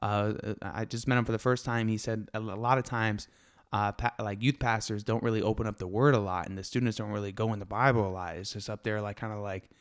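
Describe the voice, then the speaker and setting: A young man hosting his own podcast, talking fast and excitedly in a casual, animated way. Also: on the low side, smooth. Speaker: podcast host. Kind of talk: casual solo podcast talk.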